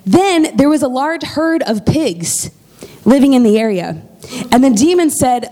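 A woman preaching in a casual, lively storytelling way, often checking in with her listeners. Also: sits high, unhurried. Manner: lively, conversational, checks in with "okay?".

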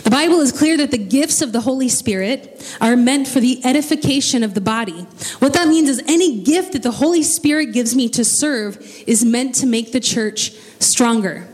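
A woman's voice: fairly high pitch, animated, normal speed, darkish tone. A woman preacher delivering a sermon, telling the story with casual, joking asides. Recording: long reverb of a large hall.

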